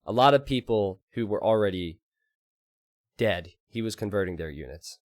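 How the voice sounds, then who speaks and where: A man casting a strategy game live and chatting with his stream audience, excitable and quick to laugh. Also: fairly low pitch, no room sound, studio quality. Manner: excitable, laughs often, talks to chat.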